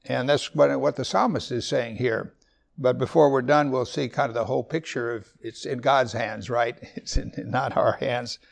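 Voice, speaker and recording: A man preaching a sermon, reading verses slowly and loudly, with quick, quieter asides in between. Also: mid-range voice, steady tone, gravelly. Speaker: pastor. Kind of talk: sermon, Bible teaching.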